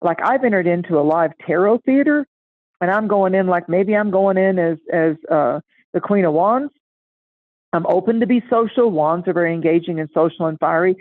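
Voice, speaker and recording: A middle-aged woman chatting casually and telling a lively story, acting out the voices of the people in it. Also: lowish voice, normal speed, no room sound. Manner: animated, acts out voices in anecdotes. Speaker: astrology guest. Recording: tinny phone-like line, dry.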